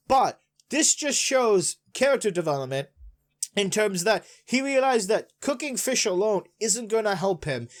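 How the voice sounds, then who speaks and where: A man casually recapping and reacting to a manga chapter, rambling excitedly with lots of fillers. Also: sits high. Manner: excitable, rambling, many fillers, retells scenes with "he's like". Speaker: manga reviewer.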